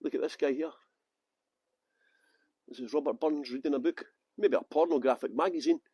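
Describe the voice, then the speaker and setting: A man's voice: on the high side, normal speed, dark tone, husky, no room sound. A man chatting through a live-streamed walking tour outdoors, joking and greeting viewers by name. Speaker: tour guide. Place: outdoors at a historic cottage.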